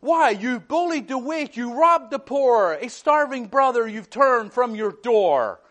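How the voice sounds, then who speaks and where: A gloating devil taunting the damned, as a preacher reads him out. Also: male voice, extremely high pitch, lively intonation, a little slow, fairly bright tone, pitched above the performer's own voice, exaggerated voice. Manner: taunting, mocking. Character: gloating male devil driving a hellbound train.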